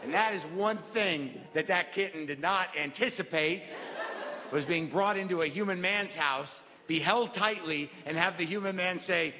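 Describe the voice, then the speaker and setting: A man's voice: high voice, normal speed, noisy background. A middle-aged man doing a stand-up routine, rambling and self-deprecating in a wry, neurotic way. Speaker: stand-up comedian. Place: stage in a theater. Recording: live theater with crowd and reverb.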